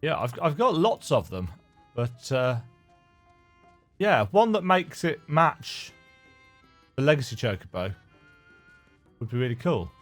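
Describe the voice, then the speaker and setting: A man's voice: mid-range voice, sing-song, unhurried, long pauses. A man casually commenting while he plays a video game, musing aloud, humming to himself and poking fun at himself. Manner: musing, self-deprecating, hums to himself. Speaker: game streamer. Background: faint game music.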